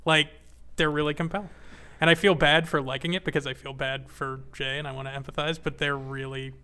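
A man chats casually as a podcast co-host. His voice is bright and smooth, and his delivery stays flat and even. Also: on the high side, a little fast. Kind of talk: casual chat.

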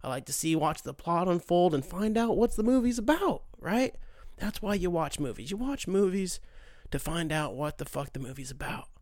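A man's voice: high-pitched, moderate pace, no room sound, studio quality. A man in his late twenties, a podcast host ranting casually with profanity and sarcasm. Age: late 20s. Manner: profane, sarcastic, animated mock voices. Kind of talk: casual rant.

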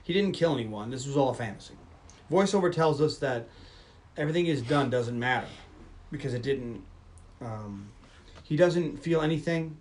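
A man hosting a podcast, casually retelling a film's plot in a brisk storytelling manner. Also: medium pitch, lively intonation, far from the mic, slight background noise. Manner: brisk storytelling, mimics characters. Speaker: podcast host. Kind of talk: casual film recap.

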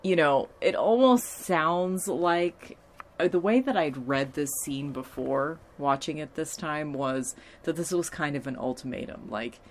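A woman's voice: low-pitched, animated, measured pace, slight background noise. A young woman talking casually and candidly about a TV show, swearing freely. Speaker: TV episode recapper. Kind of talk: casual chat.

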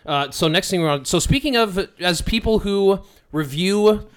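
A young man with a somewhat high voice co-hosting a casual podcast. He keeps the conversation moving, laughs easily and breaks into swearing when he gets fired up. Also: lively intonation, moderate pace, clean tone. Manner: laughs a lot, steers the talk, swears when worked up. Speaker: podcast co-host. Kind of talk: casual chat.

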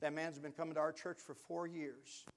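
A man's voice: fairly high pitch, little pitch movement, normal speed. An older man preaching a sermon, telling folksy stories and building to fervent exhortation.

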